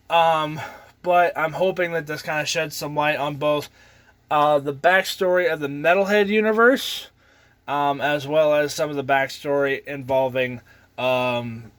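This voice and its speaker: A man's voice: on the high side, dry recording. A young man hosting his own channel, rambling casually with lots of ums and little chuckles. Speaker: channel host.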